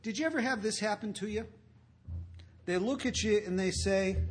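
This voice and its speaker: A man speaking to an audience about his drinking, telling wry stories in a conversational way that swells to loud emphasis. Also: high-pitched, normal speed, pauses often, husky. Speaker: recovery speaker. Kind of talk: storytelling talk to an audience.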